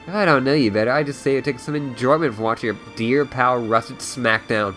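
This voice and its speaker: A man's voice: medium pitch, brisk, a bit bright, faint music behind, lightly acted. A man voicing a smug, sly teenage boy who teases in a near-natural voice. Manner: smug, teasing.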